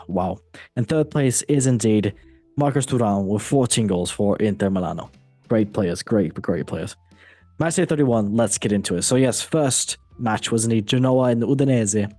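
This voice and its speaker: A man hosting a casual football podcast, reading through scores and tables in a steady run with jokes along the way. His voice is mellow and warm. The recording is dry, with faint music underneath. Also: mid-range voice, dry recording. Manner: relaxed, joking, reads results in a steady run. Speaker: podcast host.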